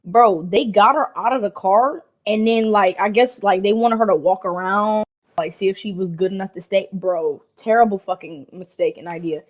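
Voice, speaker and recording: A woman's voice: medium pitch, normal speed, dull audio. Slangy young woman telling a wild story. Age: young adult. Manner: animated, slangy, heavy swearing, lots of "like" and "bro". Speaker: podcast co-host. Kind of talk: casual storytelling chat.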